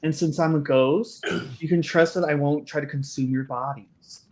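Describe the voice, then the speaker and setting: A woman's voice: low voice, steady tone, normal speed, a little mellow, natural voice. A woman voicing a bubbly, chatty female ghost who works as a hotel concierge in a tabletop game. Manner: gushing, eager, playful. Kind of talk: tabletop role-play voice.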